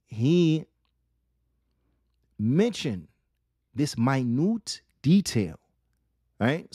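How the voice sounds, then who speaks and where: A man giving a religious lesson, asking rhetorical questions, repeating key phrases and reading Arabic quotations quickly. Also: mid-range voice, a little mellow, no echo, studio quality. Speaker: Islamic teacher.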